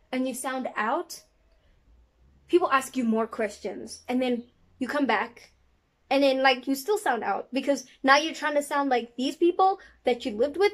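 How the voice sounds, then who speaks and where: Chatty woman with a South African-American accent. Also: sits high. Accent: mixed South African and American. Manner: rambling, chatty, self-deprecating. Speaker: vlogger. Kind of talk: casual chat to camera.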